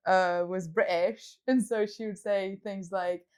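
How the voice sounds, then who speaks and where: A woman's voice: medium pitch, steady tone, measured pace, darkish tone, clear, resonant tone. A woman from Belgium with an accent that mixes French, Russian and Australian, co-hosting a podcast in a giggly, self-deprecating casual chat. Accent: mixed French, Russian and Australian. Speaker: podcast co-host.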